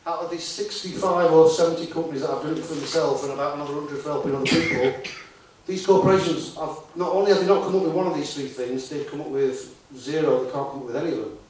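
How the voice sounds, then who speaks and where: A fairly high-pitched man with a darkish tone talks at a quick pace to a live conference audience, chatting and firing tag questions at the room. The very echoey hall, distant mic, and a little hiss or hum color the recording.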